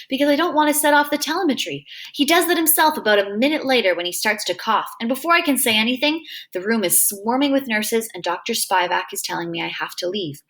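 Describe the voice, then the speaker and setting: A woman's voice: mid-range voice, a bit bright. A woman reading a novel aloud in a plain, conversational first-person telling. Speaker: reader.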